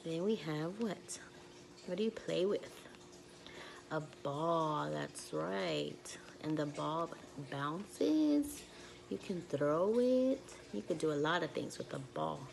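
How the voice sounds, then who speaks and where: Preschool teacher, young woman, very slow and sing-song, a little gravelly, lowish voice. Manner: slow, sing-song, encouraging tone with animal sounds. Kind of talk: children's video lesson.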